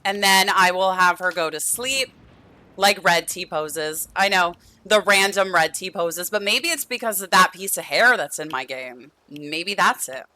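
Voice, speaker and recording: A woman's voice: on the low side, unhurried, bright, forceful tone, no room sound. A young woman streaming a life-sim game, chatting affectionately with viewers and her characters, losing her voice. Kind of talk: casual gameplay stream chat.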